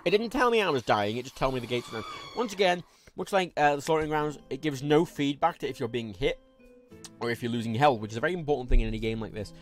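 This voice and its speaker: Male livestreamer, lively swooping voice, rambling and sweary, light music underneath. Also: medium pitch, fast. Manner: rambling, frank and sweary, reading chat aloud. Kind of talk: live gameplay commentary.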